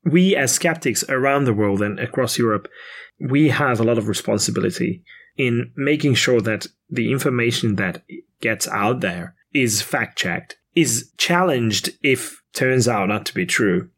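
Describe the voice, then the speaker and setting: A male podcast co-host speaking in a mid-range voice, earnest and reflective. He pauses with hesitations as he works through his thoughts in a casual discussion. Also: medium pitch, expressive, a bit bright. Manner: earnest, thoughtful, hesitant fillers, quick to laugh.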